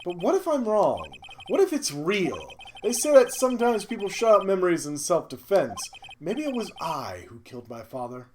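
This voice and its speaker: A woman reading game dialogue aloud, voicing a haunted young male prosecutor in a low, halting confession. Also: big pitch swings, darkish tone, slight background noise. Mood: grim. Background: background music.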